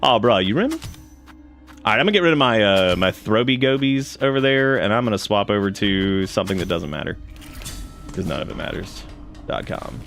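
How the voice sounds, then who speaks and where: A man's voice: on the low side, expressive, fairly quick, vocal fry, a bit bright. A man streaming a video game, cracking jokes and swearing casually as he plays. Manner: joking, profane, rambling. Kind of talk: casual gameplay commentary. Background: game music.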